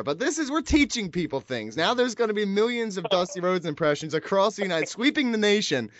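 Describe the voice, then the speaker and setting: A man's voice: high-pitched, big pitch swings, brisk, few pauses, fairly bright tone, dry recording. A man hosting a radio show with self-deprecating jokes and banter. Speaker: podcast host. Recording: dull lo-fi sound.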